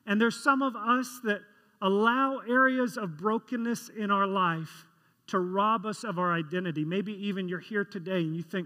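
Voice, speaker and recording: A man's voice: sits high, moderate pace, sharp tone. A man preaching a sermon as a pastor, telling stories in a conversational way and asking the congregation questions. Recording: long reverb of a large hall.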